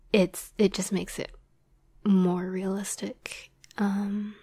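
Breathy, whispering young woman, rambling. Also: mid-range voice, level tone, drawn-out words, dry recording. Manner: soft rambling whisper with many fillers and light laughs. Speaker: audio drama script writer. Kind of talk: whispered role-play talk.

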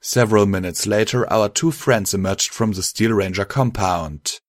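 A man's voice: fairly low pitch, normal speed, no room sound. Man narrating an audiobook, dry sound. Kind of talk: audiobook narration of fan fiction.

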